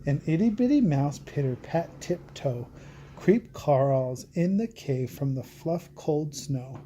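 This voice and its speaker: A woman reads a rhyming picture book aloud, leaning into its bouncy sing-song rhythm. Her voice is low and mellow, and she takes her time over each line. There is a faint hiss behind her. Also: animated, slow. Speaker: storybook reader.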